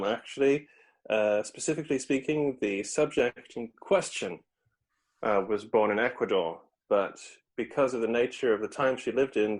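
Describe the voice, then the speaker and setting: A man's voice: mid-range voice, darkish tone. A man guesting on a history podcast, telling a story in a loose, rambling way, with lots of hesitations and restarts. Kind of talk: casual conversational history chat.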